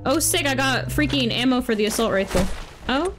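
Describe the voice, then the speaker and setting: A woman's voice: high voice, lively intonation, a little fast, music in the background. A woman streaming a video game, chatting away and talking back at the game characters with sudden exclamations. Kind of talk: live gameplay commentary. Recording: game gunfire loud behind voice.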